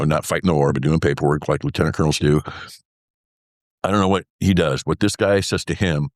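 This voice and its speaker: A man's voice: very deep voice, no echo. A man tells a story in casual interview talk. He rambles, leans on fillers and drops wry asides. The sound is dry and close. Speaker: interview guest, former pilot.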